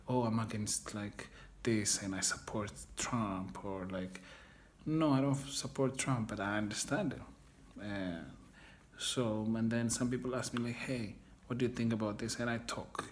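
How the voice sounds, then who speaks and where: Frank, rambling man with a lowish voice. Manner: rambling and frank, swears casually; searches for words, halting. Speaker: documentary interviewee. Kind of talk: candid personal storytelling.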